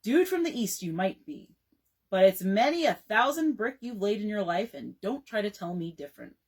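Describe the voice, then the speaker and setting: A woman reading as a gruff, blunt bricklayer. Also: medium pitch, sing-song, normal speed. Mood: hearty. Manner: blunt, challenging. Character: gruff, proud working-class bricklayer man.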